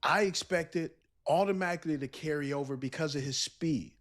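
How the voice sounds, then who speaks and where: A man's voice: a little high, brisk. Emphatic man analyzing football. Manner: emphatic, repeats points, acts out what defenses think. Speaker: former pro football player giving analysis. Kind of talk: sports analysis commentary.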